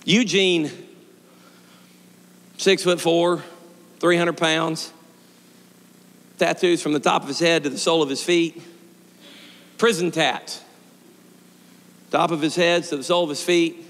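Fervent high-voiced pastor in reverberant church. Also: male voice, fairly even intonation, measured pace, pauses often. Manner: fervent, swings between shouted peaks and quiet asides, joking. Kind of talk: sermon with personal storytelling. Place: church sanctuary.

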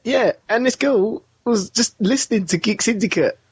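A man's voice: high-pitched, moderate pace, slightly rough, no echo. A man co-hosting a podcast, telling a rambling story in a casual chatty way. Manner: rambling anecdotal storytelling with laughs. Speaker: podcast co-host.

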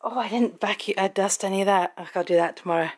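A fast-talking middle-aged woman from Britain, pitched at medium, rambles through a long story with lots of ums. She's a family vlogger doing a casual chatty vlog at home in the evening.

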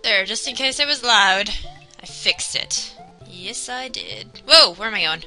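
A young woman giving casual, excitable commentary while playing a video game, talking to herself and the game. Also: medium pitch, normal speed, low-quality recording. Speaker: let's player. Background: game music.

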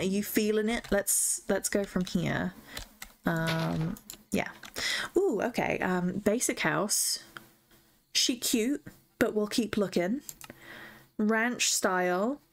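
A woman's voice: mid-range voice, takes it slowly, pauses often. A young woman chatting casually while playing a game, gushing over what she finds and talking to herself and the in-game animals. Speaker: gaming streamer. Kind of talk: casual gameplay chat.

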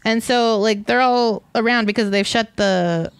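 A woman's voice: on the high side, unhurried, clear, resonant tone, dry recording. Blunt, profane woman podcast co-host. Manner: blunt, profane, laughs often. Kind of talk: casual film discussion.

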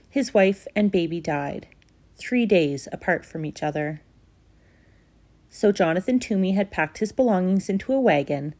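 A woman reading a children's storybook aloud at a church in a steady, expressive manner. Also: medium pitch.

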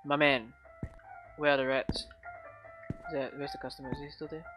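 Very deep-voiced joking woman gamer. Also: flat delivery, moderate pace. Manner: joking, sarcastic running commentary. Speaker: gaming channel host. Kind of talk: casual let's-play chat. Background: game music.

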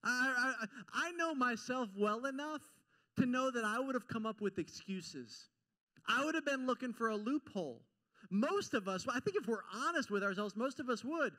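A male pastor giving an informal, animated sermon to a congregation, acting out quotes and joking at his own expense. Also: very high voice, normal speed. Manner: animated and informal, acts out quotes, self-deprecating jokes. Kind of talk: conversational sermon. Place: church sanctuary before a congregation.

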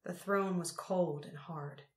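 A woman reads an audiobook calmly and without rushing, her voice pitched somewhat low, in a recording with a roomy echo.

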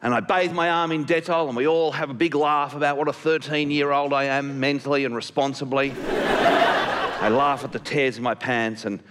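A man doing stand-up comedy and telling a story in an animated, shouty way. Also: medium pitch, normal speed.

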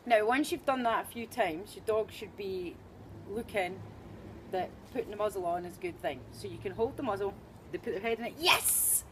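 A woman's voice: medium pitch, fairly quick, background noise. A woman with a Scottish accent giving a chatty, upbeat dog-training demonstration, with joking asides. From Scotland.

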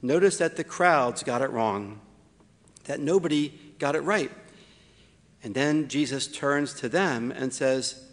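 A man, a priest, preaching a homily with wry asides, slowing down to stress key points. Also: medium pitch, long reverb tail. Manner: slows down for emphasis, wry asides.

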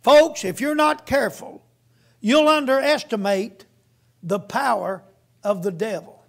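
Man, sermon, folksy storyteller, very high voice, gravelly. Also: unhurried, fairly bright tone. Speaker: guest preacher.

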